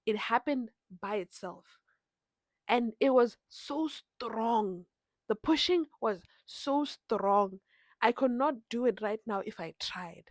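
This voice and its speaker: A young woman telling her birth story in a vlog, animated and acting out the people she quotes. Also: a little high, slow, no room sound. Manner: animated retelling with quoted voices. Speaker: vlogger.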